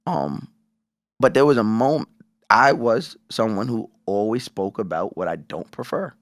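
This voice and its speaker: Speaking at a normal speed in a lowish voice, a male podcast co-host spins a story during casual chat. The recording is dry and clean, studio-like, and he curses liberally while performing the quoted lines in an animated way.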